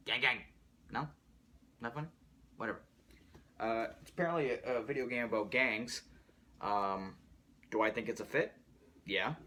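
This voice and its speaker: A man hosting his own movie news show, talking casually in a rambling, animated way and swearing freely. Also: lowish voice, a little hiss or hum. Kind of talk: casual solo movie commentary.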